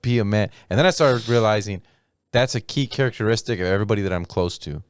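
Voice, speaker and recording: A man's voice: on the low side, quick pace, no room sound, clean studio sound. A man, a comedian, joking profanely in casual podcast chat and acting out quotes. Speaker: podcast co-host.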